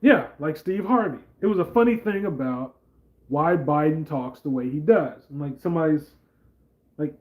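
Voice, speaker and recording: A man's voice: a little high, normal speed, phone-quality sound. A man hosting a casual political commentary vlog, talking in a rambling, conversational way with lots of fillers. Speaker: channel host.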